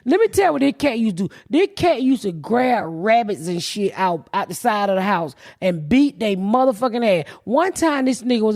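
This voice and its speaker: Gravelly high-voiced woman telling wild stories. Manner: loud, profane, laughing, acts out voices in stories. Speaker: podcast host. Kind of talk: comic storytelling chat.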